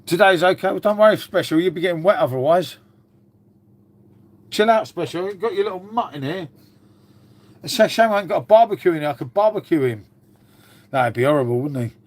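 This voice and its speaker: A man's voice: sits high, lively intonation, a little fast, pauses often. A man hosting a casual livestream, chatting to viewers and swearing freely as he talks to his dog. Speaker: livestream host. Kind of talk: casual live chat with viewers.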